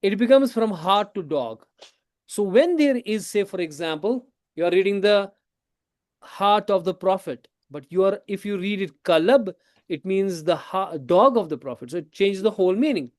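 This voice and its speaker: A man teaching a tajweed class in a classroom. He explains slowly, asks his students questions, repeats his points and switches into Hindi now and then. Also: high voice, lively intonation, no echo, clean studio sound. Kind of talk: classroom lesson.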